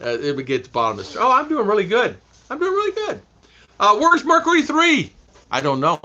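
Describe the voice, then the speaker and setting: A man hosts a casual live stream, greeting viewers by name and laughing easily as he talks. His voice is bright and slightly high, with a lively, bouncing pitch. The sound is dull and lo-fi. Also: fast talker. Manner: chatty, laughs often, reads viewer names aloud. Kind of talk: casual live stream chat reading comments. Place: home in the Philippines.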